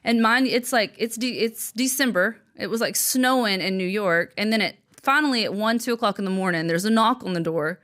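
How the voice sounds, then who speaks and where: Young adult woman, interview guest, animated storytelling, acts out quotes, laughs often. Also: medium pitch, a little fast, few pauses. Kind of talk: storytelling in conversation.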